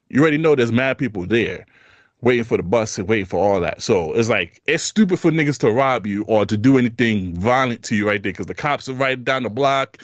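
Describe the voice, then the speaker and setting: Animated Brooklyn man telling a story. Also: mid-range voice, no echo. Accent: Brooklyn, New York. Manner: animated, laughs through his story, slangy street talk. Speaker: podcast co-host. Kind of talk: casual storytelling chat.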